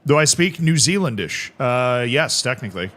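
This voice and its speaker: A man streaming a football management game live, reacting excitably to the match and joking with his chat. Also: medium pitch, moderate pace. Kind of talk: live gameplay commentary.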